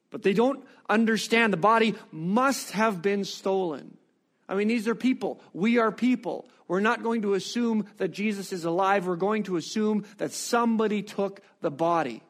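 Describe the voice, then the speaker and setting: A man preaching a sermon, reading scripture and reflecting on it with expressive, rising rhetorical questions. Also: high voice, measured pace.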